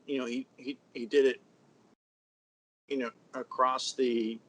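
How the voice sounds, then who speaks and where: A man at an ordinary mid pitch talks through buildings in relaxed conversation. He is thoughtful and halting, often pausing on fillers as he builds his point. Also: low-quality recording. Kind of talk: casual conversation about architecture.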